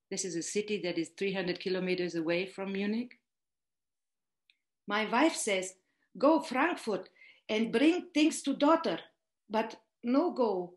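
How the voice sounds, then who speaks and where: A woman tells a personal story in a slow, heartfelt way, taking her time over every image. Her mid-range voice rings in a roomy echo. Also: medium pitch, darkish tone. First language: German. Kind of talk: reading a personal story aloud.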